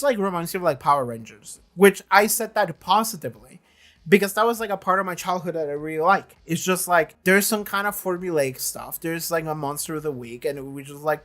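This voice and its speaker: A reaction-channel host talking casually in a question-and-answer vlog, animated and emphatic, with lots of filler words and casual swearing. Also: medium pitch. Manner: acts out quoted lines in shifted voices.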